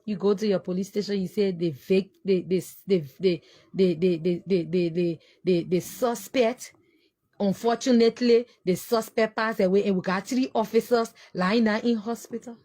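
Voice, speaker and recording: Close to tears, a Liberian mother in mourning delivers a passionate public statement full of accusation and repeated phrases. Her voice is mellow and medium-pitched, with a moderate pace.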